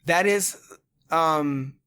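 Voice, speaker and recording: A man hosting a podcast in casual chat, talking in an animated way, swearing freely and often laughing. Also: a little high, drawn-out words, clear, resonant tone. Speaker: podcast host.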